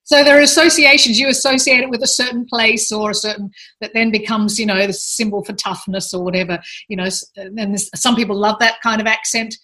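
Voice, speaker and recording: Thoughtful woman explaining accents calmly. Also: fairly high pitch. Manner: thoughtful, measured explanations with frequent hesitations. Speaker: linguistics expert guest. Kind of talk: casual expert interview.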